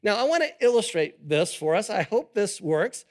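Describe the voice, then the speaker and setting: A pastor preaching a sermon to a live congregation, animated and quizzing the audience. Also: male voice, high-pitched, moderate pace. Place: church service with a live audience.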